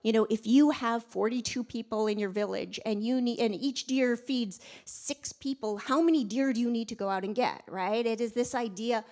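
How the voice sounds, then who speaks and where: A woman with a fairly high voice speaks at a conference, energetic and emphatic. She restarts her sentences and drops in frequent fillers as she goes. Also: normal speed, few pauses. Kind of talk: conference talk.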